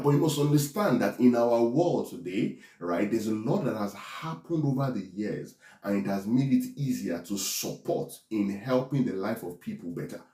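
In an echoey room, a man with a lowish, mellow voice preaches a sermon of Bible teaching. He keeps checking in with listeners, frequently using tag questions like "right?" and "are we together?".

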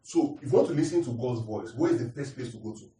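A man with a medium-pitched, dark voice preaches a teaching sermon fast and with lively intonation, repeating points and questioning the congregation. The recording has a roomy echo from a distant mic.

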